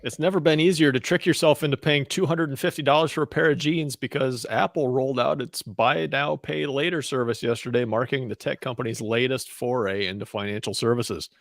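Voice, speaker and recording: A man's voice: medium pitch, fairly even intonation, brisk, creaky, few pauses, dry recording. A man co-hosting a radio talk show, chatting casually and reading the news in a dry, matter-of-fact way. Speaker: co-host and news reader.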